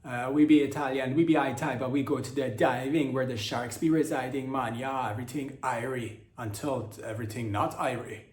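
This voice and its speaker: A man voicing an Italian diver who speaks with a put-on Jamaican lilt, in a loud, sing-song, laid-back manner. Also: mid-range voice, quick pace, natural voice. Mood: swaggering. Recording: roomy echo.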